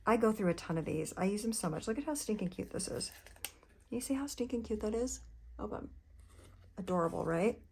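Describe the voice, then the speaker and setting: A woman in casual vlog chat, showing off stickers to her viewers. She gushes easily, calls everyone "you guys" and rambles with fillers. Her voice sits at a middle pitch. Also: animated, a little fast, creaky, a little mellow, slight background noise. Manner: chatty, gushing, addresses viewers as "you guys". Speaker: planner vlogger.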